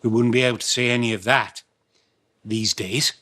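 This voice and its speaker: A comedy performer reminiscing in an interview, chuckling and slipping into character voices. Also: male voice, mid-range voice, level tone, quick pace, a bit bright.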